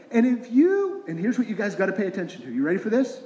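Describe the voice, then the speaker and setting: A man's voice: extremely high pitch, very animated, fast talker, few pauses, a little mellow, a little hiss or hum. A middle-aged man, a pastor, preaching a conversational sermon full of rhetorical questions. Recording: roomy echoing hall.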